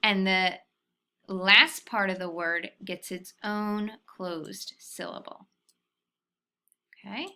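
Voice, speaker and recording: Slow, patient woman teaching phonics. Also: medium pitch, steady tone, pushed and bright. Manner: slow, patient, sounding out syllables. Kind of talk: phonics lesson for young children.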